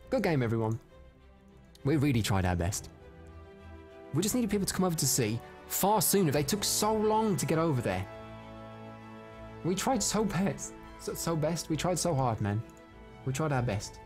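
A man giving live commentary over his own gameplay, excitable and prone to loud frustrated outbursts, chatting with his viewers between rounds. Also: mid-range voice, a little fast, faint music behind. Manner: chats to viewers and reads out their comments. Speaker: live streamer.

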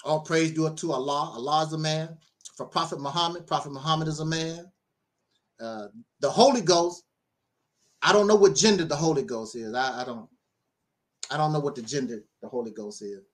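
A man's voice: on the high side, moderate pace. A man preaching in a livestream monologue, talking emphatically, laughing often and repeating himself. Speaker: self-styled minister.

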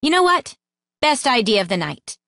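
Woman voicing Samantha, snappish and loud. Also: a little high, very animated, moderate pace, no echo, clean studio sound, pitched above the performer's own voice, heavily acted. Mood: sarcastic. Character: angry jealous young woman, snappish.

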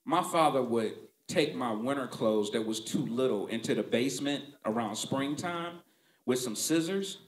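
A man's voice: medium pitch, lively intonation, moderate pace, echoey room, slight background noise. A male stand-up comedian telling stories in a conversational, punchy, profane way. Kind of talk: stand-up storytelling.

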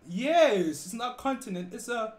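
A man from South Africa livestreaming prank chats with strangers, teasing them with deadpan, playful banter. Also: on the high side, fairly quick. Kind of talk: prank chat with strangers on video call. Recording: echoey room with faint background noise.

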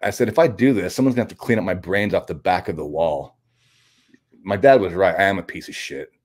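A man with a somewhat low voice tells his story to an interviewer. His delivery is raw and intense, full of false starts and repeated words, and he swears bluntly as he goes. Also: darkish tone. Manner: halting, with frequent restarts and repeated words; blunt and profane. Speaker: guest.

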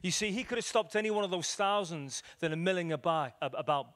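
Male evangelist, pitched a touch high, animated storyteller who acts out conversations mid-sermon. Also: fast talker. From Liverpool, England. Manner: animated storyteller acting out dialogue. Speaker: evangelist preacher. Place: church meeting room with audience.

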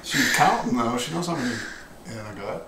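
A man's voice: mid-range voice, animated, a little fast. A man, a father, chatting casually and playfully prompting his toddlers at the family table. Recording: echoey room with background noise.

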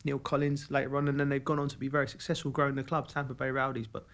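A former footballer from England with a London accent co-hosts a podcast, telling stories in casual chat. His mid-range voice is fast and gravelly, and he's animated, acting out the voices of the people he quotes.

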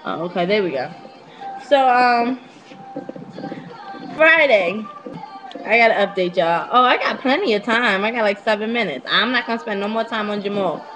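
A young woman telling a story casually to her webcam at home, brash, profane and animated as she gossips. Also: mid-range voice, moderate pace, pauses often, over music, low-quality recording. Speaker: vlogger.

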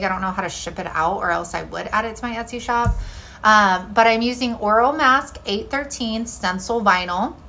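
A DIY home decor creator narrates a casual crafting tutorial voice-over in a chatty, bubbly way, packed with fillers like "like" and "um." Her voice is mid-range and fairly bright. There's a little hiss or hum in the recording.

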